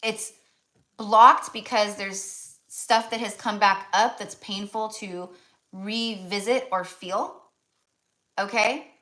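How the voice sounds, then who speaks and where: A woman's voice: medium pitch, steady tone, takes it slowly, sharp tone. An American woman giving a casual tarot reading, chatty and full of fillers and restarts. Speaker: tarot reader.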